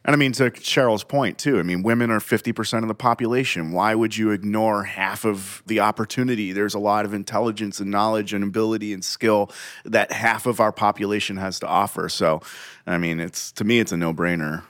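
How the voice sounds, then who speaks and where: A man's voice: lowish voice, fairly even intonation, fairly quick, fairly bright tone, no echo, clean studio sound. A man co-hosting a podcast who gives his view in a plainspoken way and then plays it down modestly. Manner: plainspoken, offers opinion modestly. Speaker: podcast co-host. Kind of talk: casual discussion.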